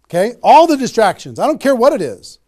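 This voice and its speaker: A man's voice: very high-pitched, very animated, fairly quick, mellow. A man giving a motivational sales training talk, emphatic and repetitive, often checking in with "okay?". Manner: emphatic, repeats key phrases, frequent "okay?" check-ins. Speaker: network marketing trainer.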